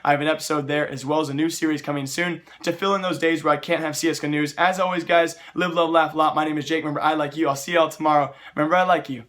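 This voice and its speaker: Fast-talking young man with a worn voice. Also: fairly high pitch. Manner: energetic, chatty, keeps addressing viewers as guys. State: voice worn from long live streams. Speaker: esports news host. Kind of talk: casual gaming news vlog.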